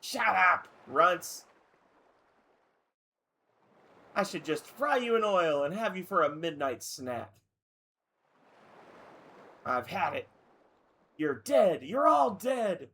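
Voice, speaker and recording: A man's voice: on the high side, expressive, a little slow, pauses often, sharp tone, voice pushed up. A man voicing a brash, grumpy male dolphin monster in a put-on Australian accent, slangy and blustering. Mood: threatening.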